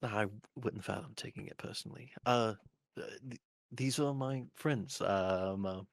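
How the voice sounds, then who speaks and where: A man's voice: fairly low pitch, a little slow, creaky, no room sound. A man voicing a polite, cursed undead adventurer, speaking formally with some hesitation. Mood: courteous. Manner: formal and courteous, a bit hesitant.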